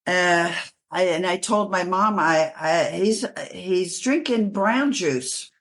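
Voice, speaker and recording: A woman from New York City, an author being interviewed, telling her life story in a halting way with many restarts. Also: on the low side, a bit bright.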